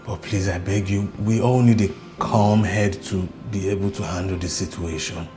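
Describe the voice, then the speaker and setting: An actor with a Nigerian accent playing a torn husband who keeps urging everyone to calm down. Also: male voice, low-pitched, normal speed, natural voice. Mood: pleading. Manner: pleading, placating. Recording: music underneath.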